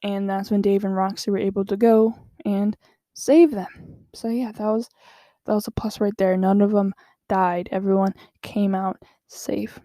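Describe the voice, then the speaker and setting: A woman casually recapping a show episode, rambling with lots of fillers and asides, acting out characters' lines in quick bursts. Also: mid-range voice, fairly even intonation, warm tone, no room sound, clean studio sound.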